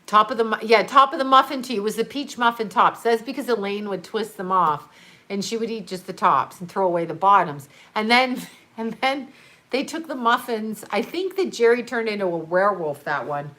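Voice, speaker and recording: This woman's medium-pitched voice is animated, pushed and bright, at normal speed. Hosting a livestream, she reads chat and rambles in easygoing talk, laughing often in her answers to viewers.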